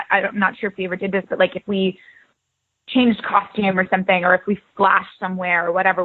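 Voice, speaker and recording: A young woman in her twenties, an actress guest in a casual interview, talking in a chatty, upbeat way and laughing easily. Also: medium pitch. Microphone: phone. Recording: tinny phone line.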